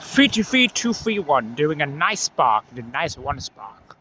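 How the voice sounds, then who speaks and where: A man filming trains from the trackside, chatting excitedly as they pass and swinging between mumbled asides and excited squeals. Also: fairly high pitch, a little slow, background noise. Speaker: trainspotting vlogger. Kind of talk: excited live commentary. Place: outdoors beside a railway line.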